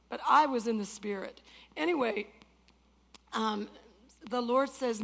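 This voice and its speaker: Woman in her sixties, preacher, fairly high voice, emphatic, loud then hushed. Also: normal speed, creaky, long pauses. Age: 60s. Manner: emphatic storyteller, swings from loud outbursts to hushed tones. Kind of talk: sermon testimony.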